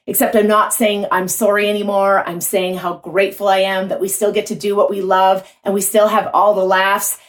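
A woman telling a vivid personal story to an audience, in an animated way. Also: medium pitch.

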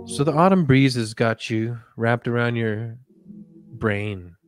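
A man hosting a comic sleep-story podcast, talking softly with drifting, rambling jokey asides. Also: medium pitch, takes it slowly, no echo, soft background music. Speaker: podcast host.

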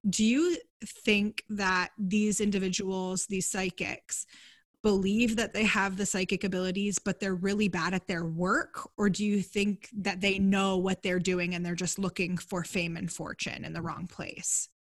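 A woman's voice: medium pitch, a bit bright. A woman podcast host asking a guest a long, winding question in casual chat. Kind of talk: interview question.

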